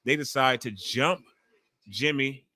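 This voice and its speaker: Host type: man in his forties, loud and chatty, bright, forceful tone, swears freely while reacting to wrestling live. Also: medium pitch, slow, no room sound, studio quality. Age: 40s. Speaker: livestream host. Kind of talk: casual live wrestling watch-along commentary.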